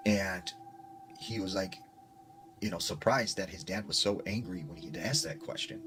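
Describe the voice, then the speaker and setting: A man's voice: low voice, moderate pace. A man casually telling a ghost story in a rambling way, full of fillers. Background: music.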